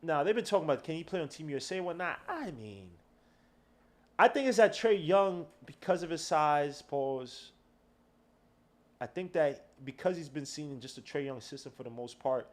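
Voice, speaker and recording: A man's voice: fairly high pitch, lively intonation, normal speed. A man hosting a casual game watch-along podcast, talking loosely with slang and trash talk. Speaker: podcast host.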